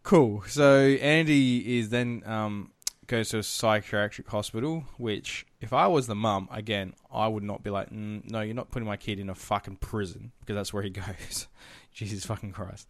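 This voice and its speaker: A man's voice: fairly low pitch, normal speed, hardly any pauses, no echo. A man hosting a podcast, laid-back and laughing easily as he retells a film plot. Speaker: podcast host.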